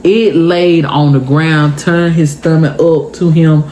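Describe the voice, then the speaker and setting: A young woman vlogger telling a story to her viewers in a casual, animated and emotional way. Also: low voice, slow pace, hardly any pauses, slight background noise.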